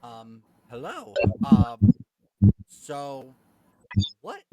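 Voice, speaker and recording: A man playing a tabletop game, with a very dark, mellow voice. He speaks slowly and hesitantly, filling pauses with ums. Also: medium pitch, sing-song, poor audio. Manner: slow, hesitant, many ums. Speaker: player.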